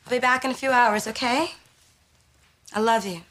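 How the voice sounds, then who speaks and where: A woman's voice: fairly high pitch, moderate pace, fairly bright tone, pitched above the performer's own voice, close to an everyday voice. A woman putting on the voice of an affectionate mother leaving for a few hours, sing-song and lightly scolding. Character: doting mother heading out, affectionate but firm.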